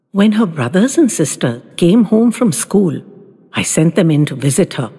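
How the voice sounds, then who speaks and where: A woman storyteller recounting a family memory with animated expression. Her voice is breathy and rises and falls a great deal. The recording has a long, echoing reverb. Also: lowish voice. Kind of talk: storytelling narration. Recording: echoey room with long reverb.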